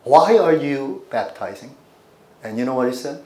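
A man's voice: mid-range voice, animated, normal speed, a little mellow, roomy sound. A man pastor preaching a teaching sermon, putting questions to his congregation as he explains scripture.

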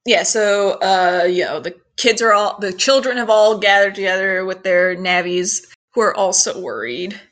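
Animated young woman recapping an anime. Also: mid-range voice, moderate pace, hardly any pauses. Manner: animated, laughing, swears casually. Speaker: podcast co-host. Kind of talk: casual anime recap chat.

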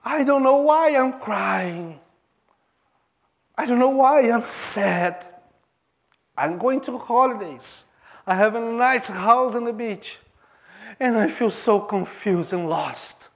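A man with a Brazilian Portuguese accent voicing a distraught wealthy woman who wails, high and loud, through tears. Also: expressive, slow pace, vocal fry, long pauses, exaggerated voice. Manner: high, loud, tearful wailing.

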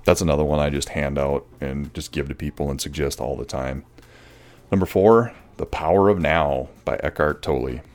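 Over soft background music, a man with a rumbling low voice hosts his solo podcast at a moderate pace. It's relaxed, rambling talk with many fillers and restarts, in what he says people consider a soothing voice.

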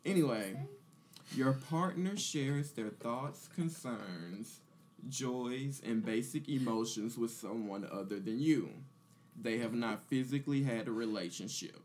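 A man's voice: medium pitch, a little slow, darkish tone, slight background noise. A man hosting a casual roundtable podcast, joking with friends and reading out game questions. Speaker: podcast host. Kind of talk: casual group chat.

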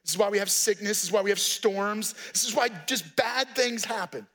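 A man's voice: high voice, a little fast, fairly bright tone. A man, a pastor, preaching a conversational sermon with folksy asides and direct appeals to the congregation.

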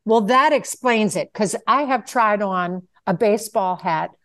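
A woman co-hosting a comedy podcast, talking in animated, gushing chat broken by frequent laughs. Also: mid-range voice. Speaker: podcast co-host.

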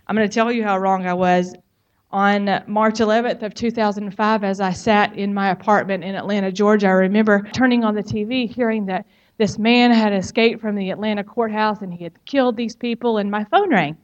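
Woman, middle pitch, frank testimony speaker, conversational with emphatic asides, muffled audio. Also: normal speed. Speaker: speaker giving a personal testimony. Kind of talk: personal testimony talk.

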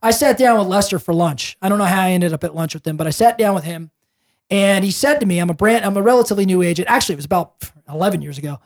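A man, a realtor, talking as a podcast guest, rambling and animated, with many restarts. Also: high voice, very fast. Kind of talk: casual podcast storytelling.

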